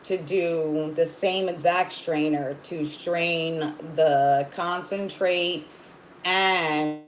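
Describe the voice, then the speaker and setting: A woman's voice: low-pitched, fairly even intonation, drawn-out words, a little hiss or hum, poor audio. A woman hosting a casual livestream, rambling as she greets viewers by name and coos at her dog. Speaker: livestream host.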